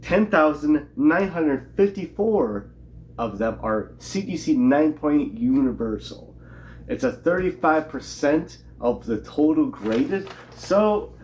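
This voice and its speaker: A man's voice: a little high, a little mellow, slight background noise. A man co-hosting a casual comic book talk, blunt and matter-of-fact as he reads out figures. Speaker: co-host of a comic collecting show. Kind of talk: casual chat.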